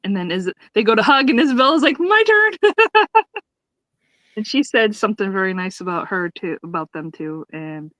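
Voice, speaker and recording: A woman's voice: medium pitch, fast, few pauses, a bit bright, dry recording, rough recording. A woman co-hosting a podcast, retelling a sitcom episode in casual chat, acting out the characters' lines and laughing often. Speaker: podcast co-host reviewing a sitcom.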